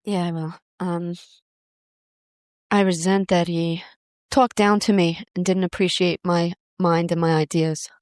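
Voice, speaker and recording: A woman's voice: lowish voice, little pitch movement, a little slow, darkish tone, smooth, no echo, clean studio sound. A woman taking part in a recovery workshop, speaking in a playful way. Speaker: workshop participant.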